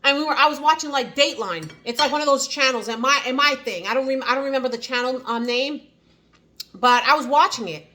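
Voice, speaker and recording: A woman's voice: high-pitched, fast, bright, forceful tone. A woman with a New Jersey accent chatting casually to the camera in an eat-and-chat vlog, rambling with many fillers and restarts. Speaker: vlogger.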